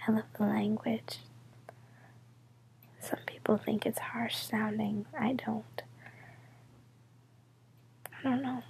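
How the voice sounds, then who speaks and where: Tired, congested woman for a whispered ASMR vlog; soft and rambling, flat delivery, faint background hum. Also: medium pitch, gravelly, rough recording. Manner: soft whisper, rambling with ums and little laughs. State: stuffed up, tired.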